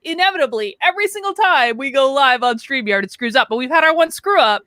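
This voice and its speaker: Woman, casual live-stream co-host, bright, very animated, dry close sound. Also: high-pitched, dry recording. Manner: chatty, quick asides, laughs at tech trouble. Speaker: co-host of a live talk show. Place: at home.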